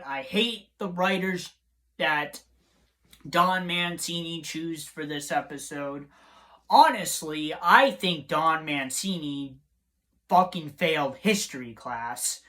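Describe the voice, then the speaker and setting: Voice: mid-range voice, fairly bright tone. A TV reviewer in a vlog, talking bluntly and repetitively and swearing freely.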